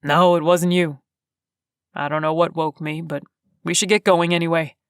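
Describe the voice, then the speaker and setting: A woman voicing a steady, guarded grown man on the run, speaking low, terse and firm in an audiobook. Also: normal speed, smooth, dry recording, studio quality, natural voice.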